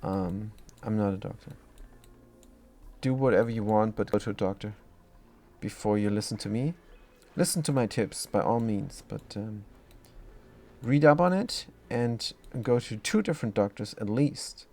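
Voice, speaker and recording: A man's voice: on the low side, a little slow, darkish tone. A man from Germany with a German accent, talking through his gameplay as a streamer in a casual, rambling way with many ums.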